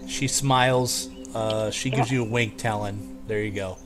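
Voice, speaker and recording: A low-voiced man narrates as game master for a tabletop game. His delivery is calm and descriptive. Music plays clearly in the background. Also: unhurried. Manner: calm narration that breaks into laughing apologies.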